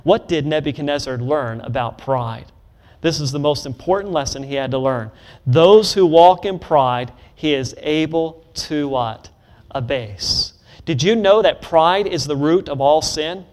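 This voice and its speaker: A man preaching a sermon, leading the congregation to repeat phrases back, rushing through asides and slowing hard on emphatic lines. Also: on the high side. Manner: call-and-response, leads congregation in repeating phrases; swings between quick asides and slow emphatic declarations.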